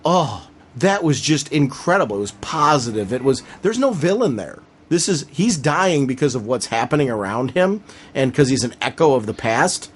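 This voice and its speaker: A man co-hosting a comics podcast, retelling scenes with growing excitement and acting out the characters' lines. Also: mid-range voice, husky. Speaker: podcast co-host. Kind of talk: casual comics discussion.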